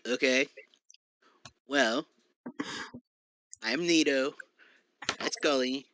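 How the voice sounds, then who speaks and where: A man playing a tabletop game, speaking softly as he reasons things out. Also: mid-range voice, very slow, no room sound. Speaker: player. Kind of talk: casual tabletop role-play.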